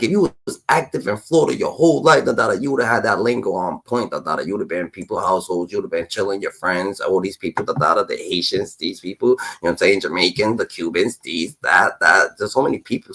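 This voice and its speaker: A man hosting a stream, reacting to clips in an animated rant and ending lines with a repeated filler word. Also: fairly low pitch, poor audio. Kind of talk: casual ranting commentary.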